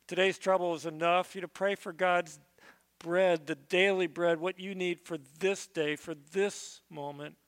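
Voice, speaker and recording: A man's voice: sits high, steady tone, measured pace, a bit bright, clean tone. A man preaching a sermon, reading scripture aloud and then teaching on it in an earnest way, often repeating a word as he restarts. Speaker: pastor. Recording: long reverb of a big room.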